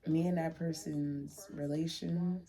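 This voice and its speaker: A woman's voice: low voice, fairly even intonation, a little slow, warm tone. A young woman talking to the camera from her room in a heartfelt, chatty vlog, repeating herself as she speaks. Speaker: vlogger. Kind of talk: emotional casual vlog to camera.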